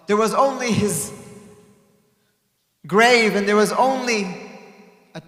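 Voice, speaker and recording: High bright preacher in an echoing hall. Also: male voice. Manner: dramatic, swinging from loud cries to hushed lines. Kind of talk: mourning sermon recitation. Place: Islamic center prayer hall. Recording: echoey hall with long reverb.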